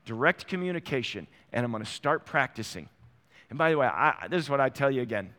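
In a church sanctuary heavy with long hall reverb, a middle-aged man gives a sermon as pastor, slipping into little acted-out exchanges from everyday life in a conversational style. His voice is medium-pitched and sharp, animated, and fairly quick.

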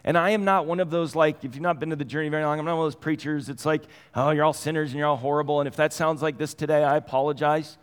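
Pastor in a reverberant hall. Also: male voice, a little high, fast, few pauses, clean tone. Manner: conversational storytelling, swinging from quiet to animated. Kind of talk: sermon.

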